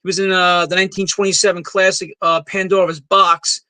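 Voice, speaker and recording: Male co-host, high and crisp voice, eager and halting, dry sound. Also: little pitch movement, bright, forceful tone, dry recording, poor audio. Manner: enthusiastic, halting with fillers. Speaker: podcast co-host. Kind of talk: casual film chat.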